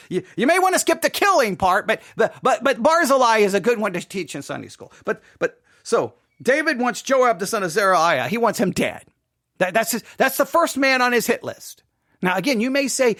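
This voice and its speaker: A man's voice: high voice, fairly bright tone, no room sound, studio quality. A man teaching a Bible passage in a loose, conversational way, often restarting words and checking in with "all right?".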